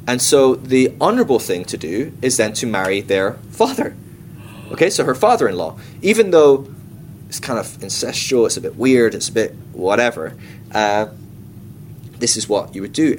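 Casual male Bible study teacher, mid pitch, irreverent comic asides, faint rumbling background noise. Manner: chatty and irreverent, with comic asides and acted-out quotes.

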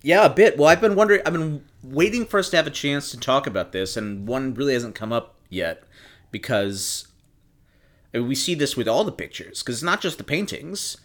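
A man's voice: mid-range voice, lively intonation, brisk, a bit bright. A man co-hosting a podcast, chatting casually, rambling and swearing enthusiastically. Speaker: podcast co-host. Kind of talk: casual chat.

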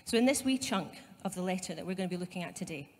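A woman's voice: on the low side, animated, very fast, darkish tone, long reverb tail. A woman pastor with a Scottish accent giving a conversational sermon, with asides to her congregation. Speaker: site pastor. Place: church.

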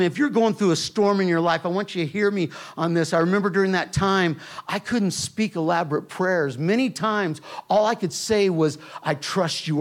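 Gravelly high-voiced male preacher. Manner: emphatic preaching, drops to hushed tones in tender moments. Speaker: pastor. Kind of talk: sermon storytelling.

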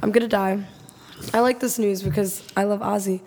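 A woman's voice: medium pitch, steady tone, a little fast, darkish tone, big-room sound, a little hiss or hum. A woman co-hosting a casual, profane chat, blunt and teasing. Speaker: podcast co-host.

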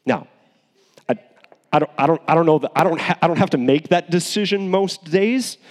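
A man preaching a sermon in an animated, conversational way, with asides and restarts. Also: fairly high pitch, normal speed, in a large hall. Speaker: pastor.

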